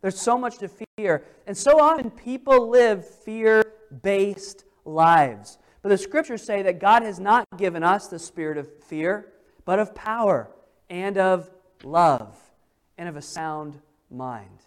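A man preaching a sermon, reading scripture aloud and repeating phrases for emphasis, dropping to soft, slow words to stress a point. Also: high voice, smooth. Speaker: pastor.

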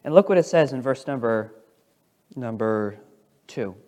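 A male pastor delivers a sermon in an animated way, swinging between loud, emphatic stretches and quiet asides. He restarts and rephrases as he paraphrases scripture. His voice sits in a middle pitch for a man. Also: normal speed.

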